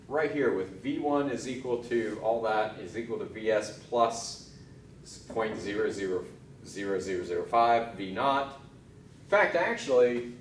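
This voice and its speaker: A man's voice: mid-range voice, distant mic, slight background noise. A man giving a recorded engineering lecture, casual and thinking aloud as he works through a derivation. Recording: echoey room, off-mic.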